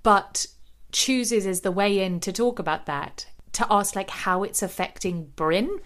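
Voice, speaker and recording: A woman's voice: mid-range voice, measured pace, a bit bright. A woman co-hosting a podcast, chatting casually and recapping scenes with lots of "like". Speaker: podcast co-host. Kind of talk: casual chat.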